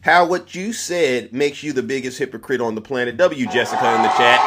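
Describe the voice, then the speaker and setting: A man's voice: medium pitch, a little fast, hardly any pauses, a loud crowd, very noisy. Guy going off on his live stream, heated and preachy, lecturing the viewers. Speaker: livestream political commentator. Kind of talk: ranting live commentary.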